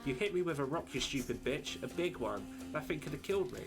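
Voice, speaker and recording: A man's voice: mid-range voice, moderate pace, over music, natural voice. A man reading out a cruel village bully boy who sneers and taunts. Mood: whiny.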